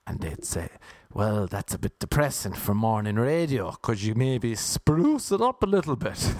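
A man's voice: lowish voice, very animated, unhurried, dry recording, studio quality. A young man from Ireland with an Irish accent, riffing through a playful, rambling comic monologue that slips into crooned sing-song lines.

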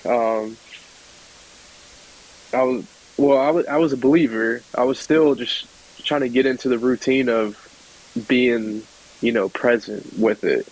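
A man's voice: medium pitch, measured pace, long pauses, a little mellow, rough recording. Chatty young man telling a story. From South Georgia, United States. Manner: chatty, laughs often, acts out voices in his stories. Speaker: podcast guest. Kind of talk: casual storytelling.

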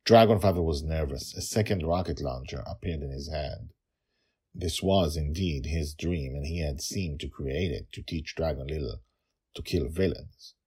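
A man narrating a story and a personal anecdote as a podcast host, in a calm, measured way. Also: extremely low pitch, slightly rough.

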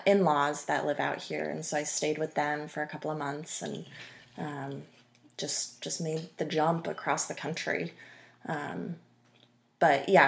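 A low voice with vocal fry belongs to this woman in her twenties, who is a runner guest on a podcast. She keeps the interview chat casual, rambling with lots of ums and restarts.

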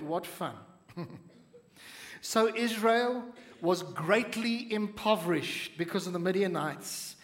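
A male pastor delivers a sermon in a high-pitched voice, reading scripture aloud and breaking off into lively asides to the congregation.

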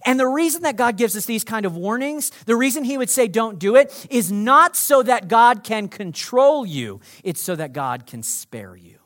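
A pastor delivers an animated sermon, his voice notably high for a man. He swings between loud, emphatic bursts and hushed, intimate passages. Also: normal speed, hardly any pauses.

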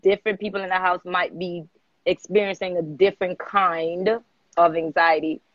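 Woman, host, casual interview, chatty, animated, dull muffled audio, dry. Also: lowish voice, moderate pace, no echo. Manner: chatty, animated, frequent agreement.

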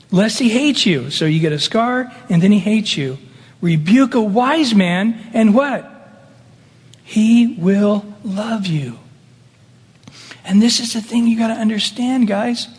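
A man's voice: high-pitched, slightly rough. A middle-aged man, a senior pastor, preaching a sermon in a conversational way, with laughing asides and acted-out quoted voices. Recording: long hall reverb.

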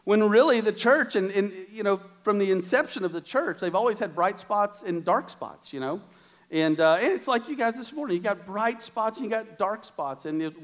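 Man, high voice, a preacher telling lively stories from the pulpit. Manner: animated storytelling with quoted asides. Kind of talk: sermon with storytelling. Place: church.

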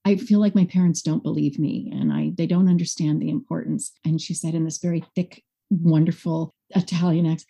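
A woman's voice: low voice, fairly quick, creaky, few pauses, husky. A woman school director as a podcast guest, talking expressively and acting out quotes in a conversational interview. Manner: expressive, animated, acts out quotes.

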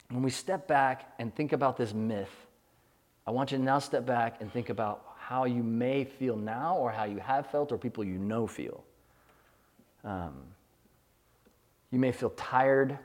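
A man's voice: mid-range voice, long reverb tail. A man preaching a sermon as a pastor, building his points in rhythmic lists and acting out imagined prayers.

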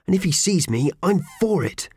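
Male reader playing a panicky squawking man, high, swooping. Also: very animated, normal speed, a little mellow, slightly rough, dry recording, clean studio sound, heavily acted. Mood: panicky whisper. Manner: squawking, agitated.

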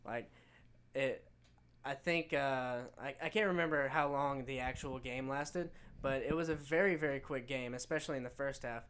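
A man's voice: medium pitch, moderate pace, a bit bright, a little hiss or hum. Rambling man talking college football. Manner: rambling, many fillers and restarts. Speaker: podcast co-host. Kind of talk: casual sports chat.

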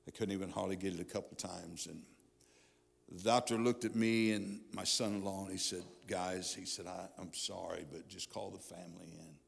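Middle-aged male pastor, low gravelly voice, fervent testimony preaching, live church with long reverb. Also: fairly even intonation, moderate pace. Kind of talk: sermon. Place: church sanctuary.

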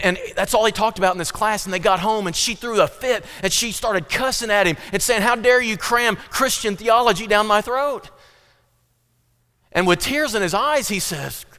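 High-voiced preacher in a reverberant hall. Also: male voice, fairly bright tone. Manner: emphatic preaching with rising and falling intensity. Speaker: pastor. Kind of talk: sermon.

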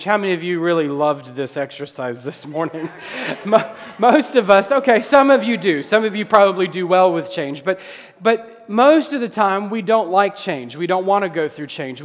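A man in his thirties preaching a sermon to his church congregation, animated and joking with the crowd. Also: sits high. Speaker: pastor. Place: church sanctuary. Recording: long hall reverb.

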